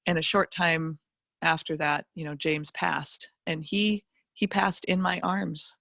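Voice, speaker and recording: A middle-aged woman, a financial educator appearing as a guest speaker, tells a personal motivational story with emphatic, animated delivery and vivid asides. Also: low-pitched, slow, creaky, no room sound, clean studio sound.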